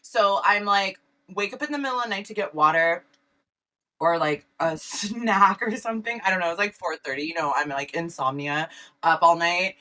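A woman co-hosting a podcast in casual chat, telling an animated story full of "like" and swearing. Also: lowish voice, normal speed, rough recording. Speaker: podcast co-host.

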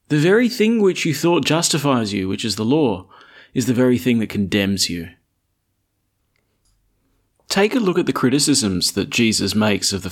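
A man, a priest reading the Gospel and then preaching a chatty, lightly humorous homily. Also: medium pitch.

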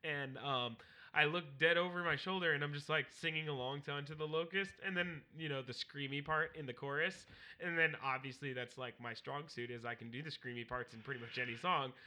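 A young man with a high, very bright voice trades crude jokes on a podcast. He tells stories loudly and profanely, breaking into laughter often, with a sharp ringing edge to his tone. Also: fairly even intonation, brisk. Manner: loud, laughing, profane storytelling. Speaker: podcast co-host. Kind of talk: crude casual banter.

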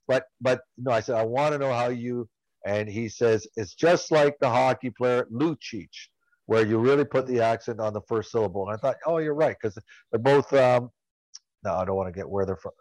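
A man's voice: medium pitch, darkish tone, dry recording, low-quality recording. Give me a man chatting casually about lacrosse in a dry, close recording, telling stories with lots of restarts. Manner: storytelling, halting with many restarts. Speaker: lacrosse podcast co-host. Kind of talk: casual sports chat.

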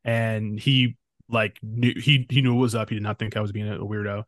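A man's voice: lowish voice, a little fast, no room sound. Man, podcast guest, casual rambling chat, dry close recording. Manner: relaxed, rambling with restarts. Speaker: podcast guest, film critic. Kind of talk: casual conversation.

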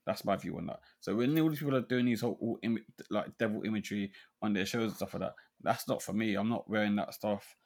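The podcast co-host has a fairly low, slightly mellow voice and talks quickly with few pauses. His casual chat is marked by stammering restarts and a habit of adding "right?" to his lines.

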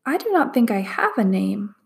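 A gentle young dragon, slow and sorrowful, lingering over each word as a woman reads him aloud. His voice has a faint gravelly fry, sitting mid-pitch. He sounds timid and a little lost. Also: sing-song.

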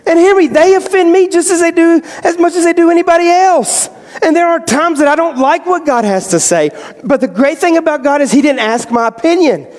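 High-voiced male pastor preaching in a hall. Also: a little fast. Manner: animated, swings between loud emphasis and quiet storytelling. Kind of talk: sermon. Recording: hall reverb.

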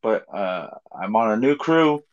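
A man's voice: lowish voice, lively intonation, a little slow. Guy rambling on his podcast, laughs a lot, kinda dull lo-fi sound. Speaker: podcast co-host. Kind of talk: casual chat.

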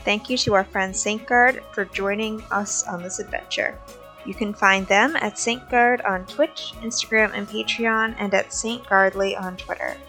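A woman host reading the closing credits of a podcast in a steady, scripted way. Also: mid-range voice, moderate pace. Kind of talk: read outro credits. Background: soft music.

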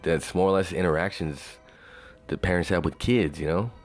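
A man's voice: low voice, normal speed, soft background music. A man talking in a loose, rambling monologue, swearing freely and saying "you know" over and over. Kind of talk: casual monologue.

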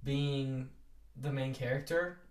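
A man's voice: medium pitch, steady tone, slow, slight background noise. A young man, a theater actor, telling stories in casual chat, rambling with many fillers and laughing often. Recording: roomy sound from a distant mic.

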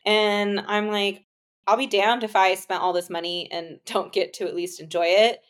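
A woman's voice: mid-range voice, steady tone, moderate pace. Young woman telling her own story. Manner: conversational, many fillers, acts out dialogue. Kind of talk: personal storytelling.

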